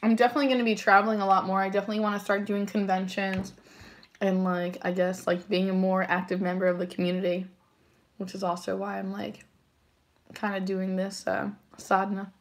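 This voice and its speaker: A young woman chatting casually on a livestream, giggling and reacting excitedly to viewer comments. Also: mid-range voice, fairly quick. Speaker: livestream tarot reader.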